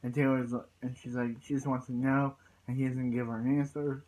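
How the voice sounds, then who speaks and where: A man's voice: mid-range voice, level tone, brisk, a little mellow, low-quality recording. A man recapping a TV episode in a loose, rambling way, stumbling over restarts and repeating "so yeah" between points. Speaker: TV episode reviewer.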